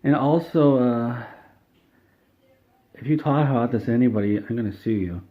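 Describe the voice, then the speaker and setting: A man's voice: medium pitch, moderate pace, lightly acted. Man doing a whiny, moody game studio boss. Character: gloomy middle-aged male game studio boss. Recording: tinny phone-like sound.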